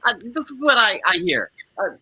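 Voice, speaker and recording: High lively male panel host. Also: fairly quick, slightly rough, poor audio. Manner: probing, restates others' positions. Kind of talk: moderating a panel discussion.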